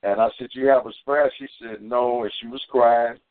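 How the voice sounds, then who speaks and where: A man preaching and telling a personal testimony on a community call, fervent, with sudden high bursts when he quotes himself. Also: fairly even intonation, moderate pace, no echo. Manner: fervent storytelling, climbing high for quoted shouts. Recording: tinny phone line.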